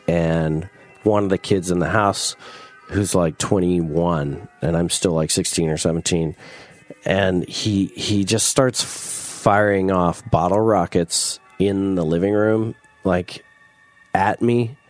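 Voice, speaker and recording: A man's voice: low voice, darkish tone. A man casually telling a long personal story in an interview, swearing freely and filling his speech with "like". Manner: rambling, profane, fillers like "like", laughs often. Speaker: interview guest.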